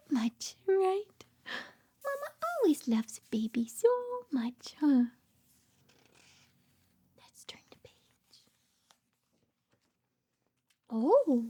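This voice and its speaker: A woman, a speech therapist, reading a bedtime story aloud to young children in a gentle, soft voice that often drops to a whisper, coaxing the child with many questions. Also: extremely high pitch.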